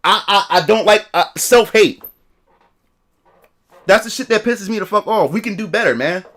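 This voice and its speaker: A man's voice: sits high, normal speed, a bit bright. A man telling a story in a casual livestream rant, profane and repetitive. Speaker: streamer.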